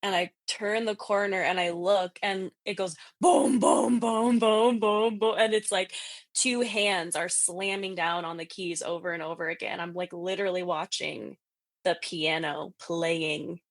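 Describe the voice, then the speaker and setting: Thirtysomething woman telling a ghost story, kinda low voice, dry close sound, lots of likes and laughs. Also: a little slow, dry recording. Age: 30s. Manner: animated, lots of fillers and laughs, acts out quotes. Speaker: podcast guest. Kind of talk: casual storytelling.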